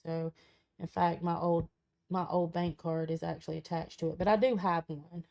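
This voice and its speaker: A woman's voice: fairly low pitch, little pitch movement, moderate pace, vocal fry, warm tone. A woman, a tarot reader chatting casually on a live stream, her voice cracking in and out. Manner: chatty, reads viewer comments aloud, folksy.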